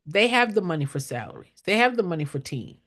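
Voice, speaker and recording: A woman's voice: lowish voice, sing-song, fast, a bit bright. An older woman, a nonprofit consultant, giving blunt, preachy motivational teaching to camera and repeating lines for emphasis.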